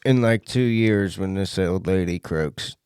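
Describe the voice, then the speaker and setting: A man's voice: deep voice, measured pace, darkish tone, clean tone, no room sound, studio quality. A man on a podcast firing off wisecracking remarks in casual chat. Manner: wisecracking interjections. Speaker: podcast co-host.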